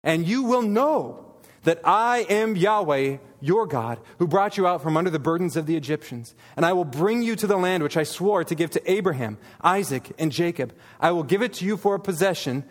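A man delivers an earnest expository sermon in a church, reading scripture passages aloud between points. His voice sits somewhat high for a man. The sound carries a long hall reverb. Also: animated, a little fast, hardly any pauses. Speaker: pastor.

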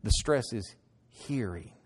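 A middle-aged man preaching a sermon, moving between loud declarations and hushed, pleading lines. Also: fairly low pitch, animated, takes it slowly, slightly rough. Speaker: pastor.

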